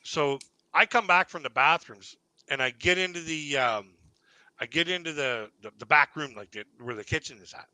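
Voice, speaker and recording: Guy doing live standup on a voice panel, super bright sharp voice, kinda high, rambly story. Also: moderate pace, dry recording, low-quality recording. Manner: rambling anecdote, laughs at his own story. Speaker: stand-up comedian host. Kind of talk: casual live comedy storytelling. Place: online voice chat panel.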